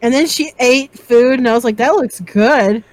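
A woman co-hosting a casual podcast, retelling scenes in an animated way and quoting characters. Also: a little high, moderate pace, rough recording. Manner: animated storytelling, quotes characters. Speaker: podcast co-host.

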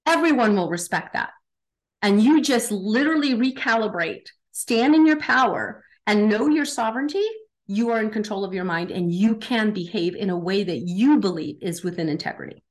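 A woman speaking as a podcast guest, an energetic, emphatic performance coach who often tags her sentences with "right?". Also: medium pitch, moderate pace. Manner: impassioned motivational delivery. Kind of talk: casual podcast interview.

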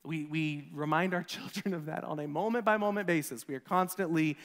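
A man in his thirties, a pastor giving a conversational sermon, animated as he tells stories about his kids. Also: on the high side, brisk, big-room sound. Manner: conversational, animated storytelling with acted quotes.

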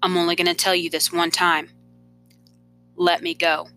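A woman reading aloud, voicing a gruff middle-aged male coach who speaks flat and hard. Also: on the low side, normal speed, soft background music. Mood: stern.

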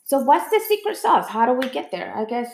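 High, lively woman asking questions. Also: fairly quick, creaky, slight background noise. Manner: laughs often, asks follow-up questions. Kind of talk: casual chat. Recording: echoey room.

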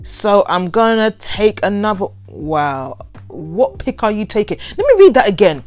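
A woman, casually reading out and reacting to overheard quotes, animated and given to laughing and playful drama. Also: mid-range voice, moderate pace, soft background music. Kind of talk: casual chatty commentary.

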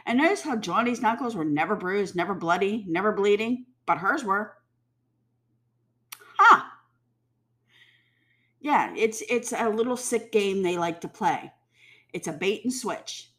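A woman in a heated, profane rant. She speaks bluntly and mocks people with sarcastic mimicry. Her voice sits in a middle pitch. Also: lively intonation, unhurried, pauses often, pushed and bright. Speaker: commentator. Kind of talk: ranting commentary.

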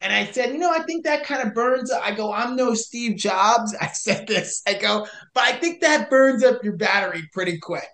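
On a podcast, a young man who does search and rescue hiking casually recounts a rescue, animatedly acting out both sides of the conversation. His voice is high-pitched, at normal speed with few pauses, in a roomy-sounding space.

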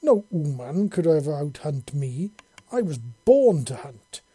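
A man's voice: on the high side, moderate pace, warm tone, husky, dry recording. A man doing a smug alien huntress. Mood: snarling. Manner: haughty and formal. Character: proud female alien huntress, smug and fierce.

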